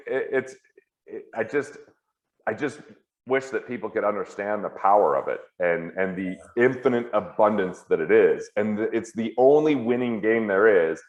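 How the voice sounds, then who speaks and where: A man as an interview guest at home, talking earnestly and candidly in quick heartfelt bursts. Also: lowish voice. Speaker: guest, financial author and comedian. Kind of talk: earnest reflective conversation. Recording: roomy, slightly dull sound.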